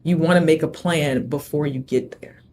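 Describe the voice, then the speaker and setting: A woman's voice: low voice, steady tone, normal speed, dark tone, slight background noise. A woman who is a podcast guest, telling a story in a chatty way and laughing easily. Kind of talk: casual interview chat.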